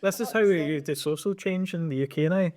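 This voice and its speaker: A man who drops in dry, wry remarks during a casual podcast chat. His voice sits a bit higher than most men's. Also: fairly quick, crowd noise.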